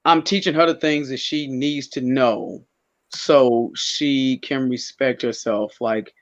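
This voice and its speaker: Hombre que cuenta historias con calma. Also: male voice, mid-range voice, slow, muffled recording. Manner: rambling storyteller, many restarts. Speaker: podcast guest. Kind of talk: casual chat.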